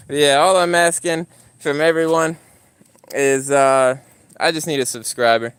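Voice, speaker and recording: A young man chatting casually on a livestream outdoors while walking his dog, getting animated as he tells a story. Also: normal speed, a little hiss or hum. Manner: animated storyteller, voice climbing high when retelling arguments. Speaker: YouTuber streaming live to chat. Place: outdoors in a yard.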